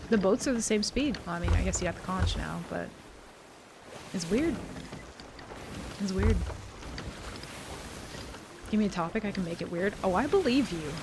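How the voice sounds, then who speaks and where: Gravelly-voiced woman ranting on stream. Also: fairly low pitch, quick pace, few pauses, noisy background. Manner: rambling, profane and animated. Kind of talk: casual live-stream chat.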